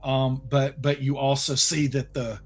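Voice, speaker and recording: Man, Southern accent, game master, halting delivery full of ums, faint music underneath. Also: medium pitch, monotone. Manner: hesitant, many ums and restarts. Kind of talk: narrating a tabletop game.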